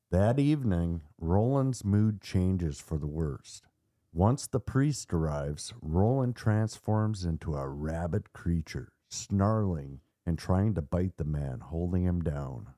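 A man hosting a podcast, narrating a dark story with theatrical suspense and casual asides. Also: deep voice, lively intonation, a little slow, no echo, clean studio sound. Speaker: podcast host.

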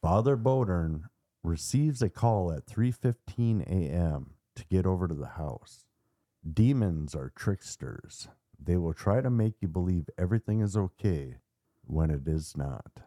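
A man hosting a podcast, narrating a dark story with theatrical suspense and casual asides. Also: low-pitched, lively intonation, measured pace, no room sound, studio quality. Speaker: podcast host.

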